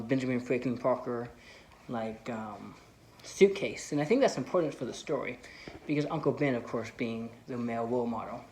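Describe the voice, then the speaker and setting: A man talking through film theories in a loose, unscripted vlog. He rambles, circling back with "like" and "you know" as he thinks aloud. He sounds like an eager fan at an ordinary middle pitch. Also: a little mellow. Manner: enthusiastic fan. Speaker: film vlogger. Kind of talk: casual movie commentary.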